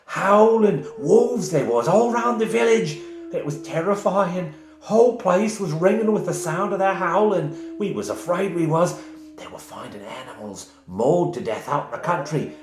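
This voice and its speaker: A man's voice: fairly high pitch, voice pushed up. A man voicing a frightened elderly village woman in a working-class London dialect, anxious and repeating herself. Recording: roomy echo.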